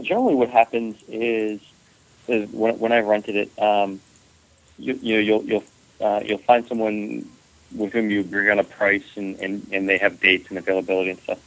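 A man's voice: on the low side, a bit bright, poor audio. A man co-hosting a live call-in show, teasing callers and giving travel advice. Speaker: podcast co-host.

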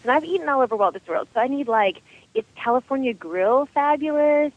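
A caller on a call-in podcast, asking eager, rapid questions. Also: high voice, animated, highs cut off. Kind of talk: phone call-in chat.

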